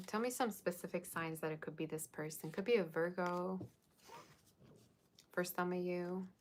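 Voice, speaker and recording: A woman with a low voice talks her viewers through a tarot spread. She is chatty and casual, drops slang and fillers, and thinks out loud as she goes. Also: slight background noise. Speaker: tarot reader.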